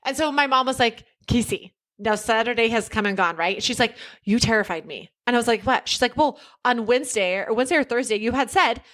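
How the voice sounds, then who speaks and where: A woman with a fairly high voice tells a story at a chatty podcast pace. She gets animated and laughs easily as she acts out the back-and-forth. It is a relaxed, casual conversation between co-hosts. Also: fast, few pauses. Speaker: podcast co-host. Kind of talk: casual chat.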